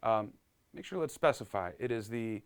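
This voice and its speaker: A man's voice: lowish voice, expressive, normal speed, smooth. A man giving a live-streamed piano lesson, upbeat and chatty, reading viewer comments aloud and explaining as he goes. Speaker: piano teacher.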